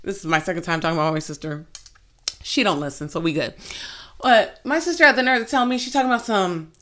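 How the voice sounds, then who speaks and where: A woman in her twenties hosting a casual podcast, telling stories in an animated, giggly way with sudden loud outbursts. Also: lowish voice, brisk. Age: 20s. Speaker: podcast host. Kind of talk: casual chat.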